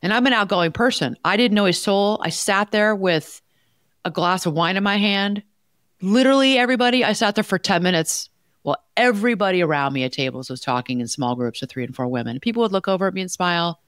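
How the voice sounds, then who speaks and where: A woman coach co-hosting a talk show, animated and emphatic as she gives direct advice. Her voice sits at an ordinary middle pitch. The recording is dry and close, with no room sound. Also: fast, no echo. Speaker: life coach and co-host.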